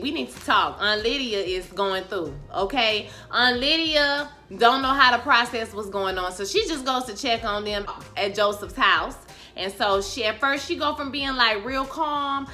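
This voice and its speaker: A woman recapping a TV episode in slangy casual chat, calling her viewers y'all and loudly acting out the characters' lines. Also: a little high. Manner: animated, acts out characters' lines with loud outbursts. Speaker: TV recap vlogger.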